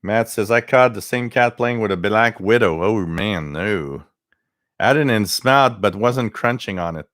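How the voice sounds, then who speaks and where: A man's voice: lowish voice, lively intonation, a little slow, fairly bright tone, no echo, studio quality. A man hosting a live stream, chatting casually, reading viewer comments and telling rambling stories with many restarts. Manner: mimics others with a raised voice.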